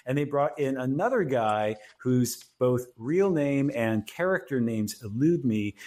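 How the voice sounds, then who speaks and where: A man's voice: mid-range voice, lively intonation, a little slow, hardly any pauses, a little mellow. Chatty man sharing TV trivia. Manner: chatty, recounting trivia with quoted lines. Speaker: podcast co-host. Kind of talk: casual chat about old TV.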